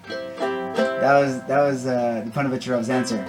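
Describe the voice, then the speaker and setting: A man's voice: mid-range voice, steady tone, unhurried, pauses often. Man giving a casual Torah talk. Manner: conversational, peppered with Hebrew and Yiddish terms. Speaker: Torah teacher and singer. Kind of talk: short Torah talk with a story. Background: guitar music.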